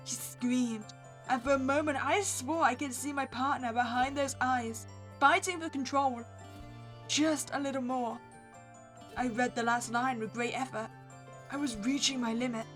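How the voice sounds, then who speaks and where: A woman's voice: high voice, unhurried, a bit bright. A woman streaming a game, chatting wryly and reading the story text aloud. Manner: chatty, wry, asides to herself. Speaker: let's play streamer. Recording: faint background music.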